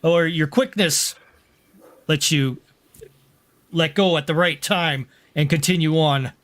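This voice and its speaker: A man narrating a sci-fi tabletop game as game master, describing the scene in a slow, drawn-out way. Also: a little high.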